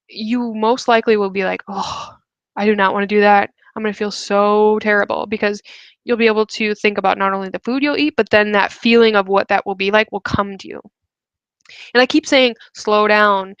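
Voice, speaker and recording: A young webinar host chats with viewers in a loose coaching session, leaning heavily on "like" and "um." Her medium-pitched voice has vocal fry and a fairly bright, clean tone. There's no echo, though the sound is lo-fi.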